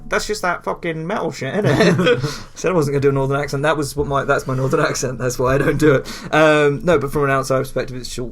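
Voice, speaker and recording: A young man co-hosting a podcast in casual chat, rambling with lots of fillers, swearing and laughing at himself. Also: mid-range voice. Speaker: podcast co-host.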